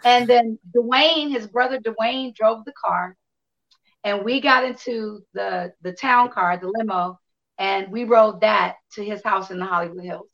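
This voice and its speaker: A woman guest casually telling an animated, profane anecdote, acting out the dialogue as she goes. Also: medium pitch, unhurried, dull audio. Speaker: interview guest. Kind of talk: casual storytelling.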